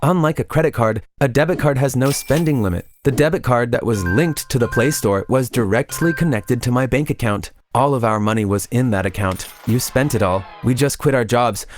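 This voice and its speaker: A man's voice: mid-range voice, fairly quick, few pauses, close to an everyday voice. A man voicing a mother who explains bad news in a plain, distressed voice. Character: upset mother, a hospital worker.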